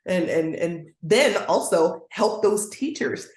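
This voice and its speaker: A woman's voice: fairly low pitch, lively intonation, takes it slowly. A woman guest educator speaking earnestly in a conversational interview, now and then acting out the voices she quotes. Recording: roomy echoey sound.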